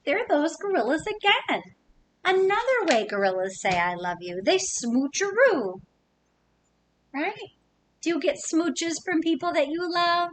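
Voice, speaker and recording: A woman reading a picture book aloud to young children, pausing to ask them playful questions. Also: sits high, a little hiss or hum, poor audio. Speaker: children's story reader.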